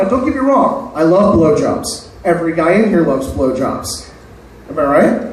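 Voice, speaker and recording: A man works through an open-mic stand-up set, his crude, self-mocking punchlines landing with a slightly raised pitch. The recording is heavily echoey and picked up from a distance. A faint hum of noise sits under everything. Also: expressive, normal speed, a little mellow. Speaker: stand-up comedian. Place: open mic night venue. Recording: echoey room, mic far off.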